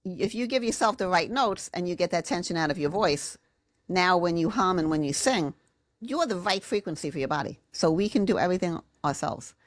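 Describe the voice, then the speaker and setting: A woman's voice: fairly low pitch, animated, brisk, no echo. A woman speaking as a podcast guest, a sound therapist telling her story in casual conversation and acting out quotes in big voices.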